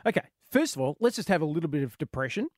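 A high, animated male voice hosts a radio show with playful banter. His pitch swings widely, and the close studio sound is dry. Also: very fast, no echo. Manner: lively, chatty, playful storytelling. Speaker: radio host. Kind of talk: casual radio chat.

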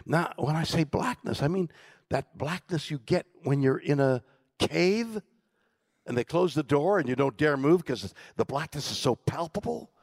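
An older man tells a story on a conference stage with a slow, theatrical, halting delivery. His voice is gravelly and husky, and it swoops widely in pitch. The sound is close and dry. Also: expressive, dry recording. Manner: dramatic, halting delivery with hushed asides. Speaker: keynote guest in a stage conversation. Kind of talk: storytelling talk to a live audience.

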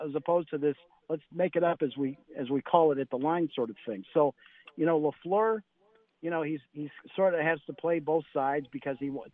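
A male sports reporter phoning in to a radio show. The line is thin and phone-like, his voice a touch high and dry. He tells practice stories in animated bursts, acting out what the coaches said. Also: dry recording.

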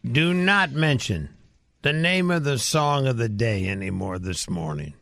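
A man's voice: mid-range voice, expressive, a little slow, vocal fry, fairly bright tone, no echo, clean studio sound. A middle-aged man, a radio host, chatting casually and reminiscing with his co-host. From United States. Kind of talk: casual chat.

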